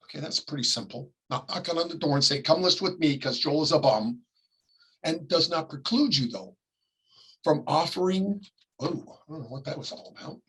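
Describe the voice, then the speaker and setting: A middle-aged man from California teaching a class, talking casually and acting out quick examples, often coughing and clearing his throat. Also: medium pitch, a bit bright, low-quality recording. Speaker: real estate ethics instructor. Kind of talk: classroom lecture.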